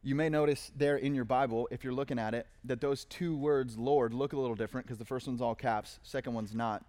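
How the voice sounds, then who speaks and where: A man's voice: medium pitch, fairly even intonation, fairly quick, a little mellow. A man preaching a conversational sermon, reading verses with dramatic emphasis. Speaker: pastor.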